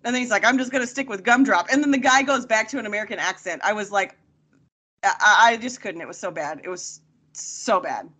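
A woman's voice: medium pitch, animated, brisk, bright, forceful tone. A woman chatting casually as a podcast guest, recapping a TV episode with frequent laughter. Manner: laughs often, chatty and amused.

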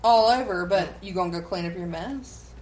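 A woman's voice: on the low side, normal speed, a little mellow. A woman co-hosting a podcast in casual chat, playful and cheeky as she brings up topics. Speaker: podcast co-host.

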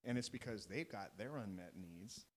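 A man's voice: on the low side, normal speed, slight background noise. A man in his thirties, a youth soccer coach, chatting casually and acting out quotes as he tells stories. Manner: animated storyteller, acts out quotes. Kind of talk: casual podcast chat.

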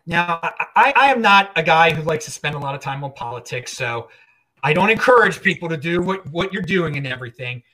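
A man's voice: on the high side, sing-song, fairly quick, pushed and bright, rough recording. A man hosting a casual interview show, asking questions with frequent stumbles and restarts. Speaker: show host.

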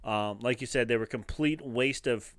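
Smooth-voiced podcast co-host, excited. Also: male voice, mid-range voice, normal speed, no room sound, studio quality. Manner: enthusiastic, jokey, laughs often. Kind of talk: casual chat.

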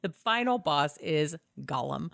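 A woman co-hosting a casual podcast, with a fairly low voice that swings widely in pitch. She laughs often, swears freely and jumps into quick put-on voices. The sound is dry and close. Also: lively intonation, creaky, fairly bright tone, no echo. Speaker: podcast co-host. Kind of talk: casual chat recapping a film.

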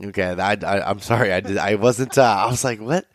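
A man's voice: fairly low pitch, a little fast, no room sound. A man from Pennsylvania hosting a casual interview, asking questions in a hesitant way.

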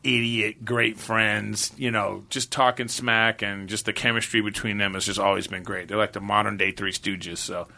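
A man guesting on a podcast in casual chat, speaking in a measured way and slowing down to make a point. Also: fairly low pitch, fairly even intonation, creaky, sharp tone.

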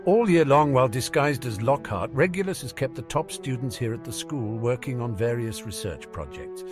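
A man's voice: mid-range voice, moderate pace, over music, pitched above the performer's own voice, close to an everyday voice. A man voicing an eager, awestruck teenage boy wizard in a storybook reading. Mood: amazed. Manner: excited, quietly amazed.

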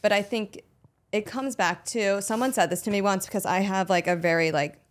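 A woman's voice: medium pitch, moderate pace. A woman in her twenties hosting a podcast, chatty, casual and swearing freely. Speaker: podcast host. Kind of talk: casual chat.

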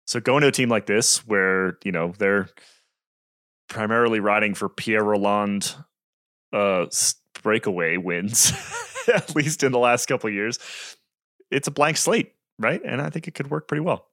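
A man's voice: on the low side, normal speed, a bit bright, no room sound, studio quality. A man co-hosting a cycling podcast, chatting casually and chuckling through his points. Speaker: podcast co-host.

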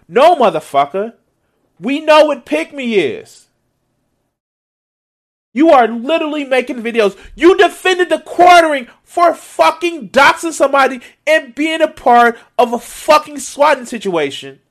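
A man's voice: very high-pitched, expressive, normal speed, a bit bright. A man doing profane reaction commentary on a video, exasperated and sarcastic, swearing often.

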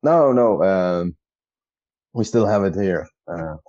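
Man, native Danish speaker, podcast guest, very low voice, halting with fillers, dull dry lo-fi mic. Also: expressive, mellow, dry recording. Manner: hesitant, many "uh" fillers. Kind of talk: casual chat.

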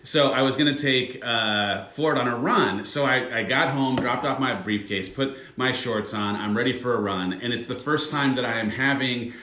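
A man co-hosting a casual chat, telling a story in an animated way and acting out the sounds. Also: medium pitch, normal speed, few pauses, noisy background. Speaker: podcast co-host. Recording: echoey room.

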